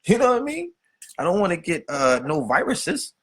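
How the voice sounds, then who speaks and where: A man's voice: sits high, sing-song, moderate pace, husky. A man hosting a podcast, delivering a profane, streetwise rant full of rhetorical questions. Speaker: podcast host. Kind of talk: unscripted monologue.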